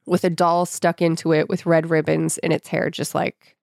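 A woman's voice: sits low, normal speed, gravelly, no echo, clean studio sound. A woman co-hosting a podcast, animatedly recapping a book plot in casual chat. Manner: animated, retells the plot with voices. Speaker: podcast co-host.

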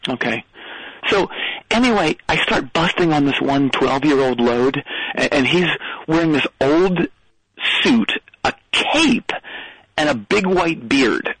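A man's voice: fairly high pitch, lively intonation, unhurried, a bit bright, slightly rough, no room sound, rough recording. A man calling into a comedy show, telling a rambling story with many stammers and restarts. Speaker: caller. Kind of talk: comedic phone call.

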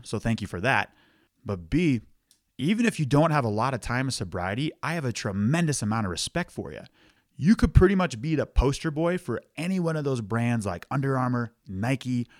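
A man's voice: mid-range voice, no echo, clean studio sound. A man hosting a podcast in a casual interview chat, upbeat and often addressing his guest by name. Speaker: podcast host.

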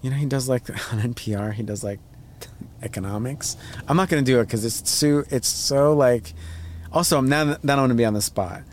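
Guy rambling as a podcast guest, mid pitch, faint hiss behind. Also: normal speed, a little mellow. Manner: rambling, pitch jumps when acting out voices. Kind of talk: casual chat.

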